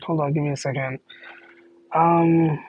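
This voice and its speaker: A man's voice: a little high, steady tone, measured pace, darkish tone, breathy edge, dull audio. A man chatting casually on a live question-and-answer stream, rambling, stopping to correct himself and laughing in disbelief.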